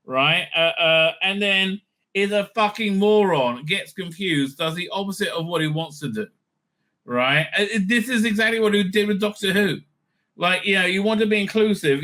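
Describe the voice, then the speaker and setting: A man's voice: high-pitched, bright, forceful tone. A man reading aloud at home and breaking off into sarcastic, scornful asides, with a lot of fillers and hesitations. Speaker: vlogger commenting on TV news. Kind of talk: casual reading and mocking commentary. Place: home with a dog nearby.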